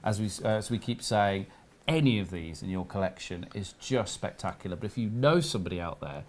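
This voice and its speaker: A man's voice: lowish voice, lively intonation, a little fast, a little mellow. A man, a studio guest, chatting enthusiastically about collectables. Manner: enthusiastic, gushing. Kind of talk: casual chat.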